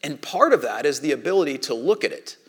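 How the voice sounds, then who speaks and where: A man in his thirties preaching a sermon, telling a family story with animated, acted-out voices. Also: a little high, fast talker, breathy edge. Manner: animated storytelling, acts out his own panic and shouting. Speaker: pastor.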